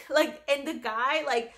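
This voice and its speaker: A young woman vlogger telling a story in a casual, animated way, swearing often and full of fillers. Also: high-pitched, slow.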